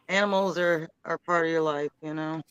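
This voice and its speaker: A woman's voice: deep voice, fairly bright tone, clean tone, no room sound, rough recording. A woman in her late thirties, a guest in a casual chat, talking in a rambling, giggly way. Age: 30s.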